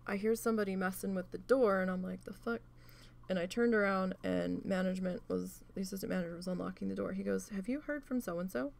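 A woman chatting through a long work story while crafting, rambling and swearing, with plenty of fillers and quick bursts of acted-out dialogue. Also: mid-range voice, creaky, a little mellow, slight background noise. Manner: rambling, profane, with many fillers; acts out quoted voices in bursts. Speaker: craft vlogger.

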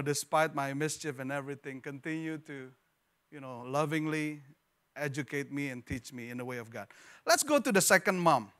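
High-voiced animated male pastor preaching. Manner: animated, repeats words, jokes with congregation. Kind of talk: sermon. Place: church hall.

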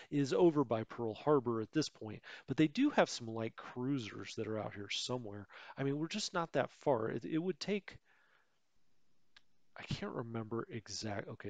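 Gravelly and mid-range, this man's voice comes through with no room sound as he plays a strategy game for a let's play. He rambles casually, often correcting himself and wandering into side chatter.

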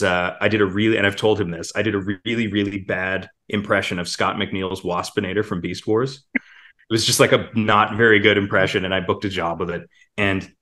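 Laid-back man with a lowish voice. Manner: relaxed, demonstrates character voices in passing. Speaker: voice actor guest. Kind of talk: casual interview chat.

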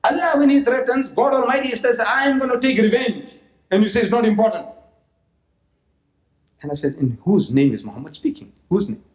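A high-voiced man from South Africa delivers a religious lecture with lots of energy. He keeps repeating phrases for effect and throws in mocking asides, and the talk echoes around a large lecture hall. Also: lively intonation, a little fast, long pauses, a little mellow. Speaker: public lecturer. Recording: roomy lecture hall recording.

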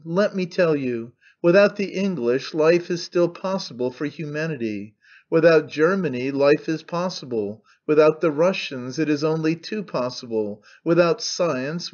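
A man doing a pompous old orator, shrill. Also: a little mellow, muffled recording, close to an everyday voice. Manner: declaiming grandly, shrill and defiant. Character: excitable old male orator, pompous and frantic.

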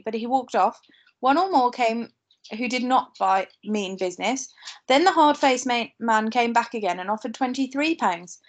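Reading a novel aloud to her pupils, a woman teacher keeps a steady, unhurried pace in a slightly high voice. Now and then she slips, corrects herself, and drops in an aside.

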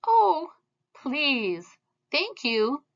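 Woman reader putting on a high, squeaky troop of excitable ants, quick and bright, muffled. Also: full character voice. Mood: polite. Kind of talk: storybook read-aloud.

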